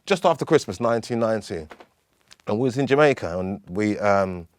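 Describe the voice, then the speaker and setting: A man in his fifties, a guest in an interview, telling stories from his life in an animated way. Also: lowish voice, a little fast, no room sound. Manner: animated, acts out other people's voices as he tells stories. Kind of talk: storytelling interview.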